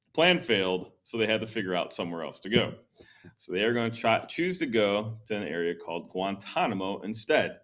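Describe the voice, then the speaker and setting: A man hosting a history podcast, explaining events in a relaxed, conversational way with many ums and likes. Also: lowish voice, a little fast. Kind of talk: casual history talk.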